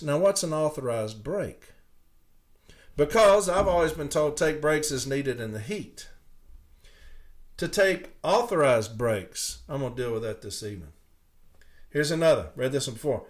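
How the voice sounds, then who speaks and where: Fired-up guy ranting on his podcast, cussing, slightly high voice. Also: lively intonation, moderate pace, long pauses. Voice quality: angry, profane, emphatic. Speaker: podcast host. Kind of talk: ranting monologue.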